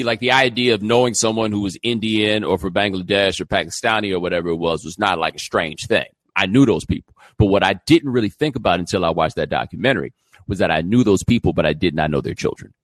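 A middle-aged man with a fairly low voice speaks into a studio mic in a dry, close room. He hosts his own show and talks through an opinion piece, conversational and emphatic, leaning on rhetorical questions. He sounds loose and direct. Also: a bit bright, no room sound. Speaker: host. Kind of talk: opinionated monologue.

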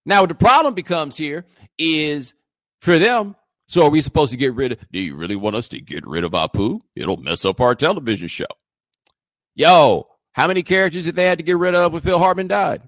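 A middle-aged man hosting a show, delivering an animated opinion monologue full of rhetorical questions. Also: on the high side, a little fast, no room sound. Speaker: host.

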